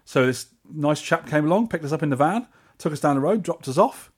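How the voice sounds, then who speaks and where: A man with a London accent, co-hosting a podcast and telling a trip story in casual chat, animated and acting out the people he met. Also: a little high, fairly quick, husky. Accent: English, London. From England. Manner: animated, acts out quoted voices. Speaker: podcast co-host.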